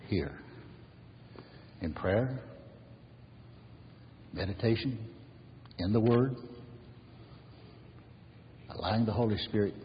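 A man preaching a sermon as pastor, earnestly, rising loud and then falling to a near whisper. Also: lowish voice, slight background noise. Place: church sanctuary. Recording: dull reverberant church recording.

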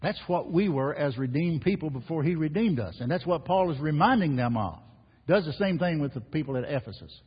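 A man's voice: a little high, expressive, a little fast, husky. A man preaching a sermon as pastor, emphatic and repetitive, rising and falling in force. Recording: muffled, reverberant hall recording.

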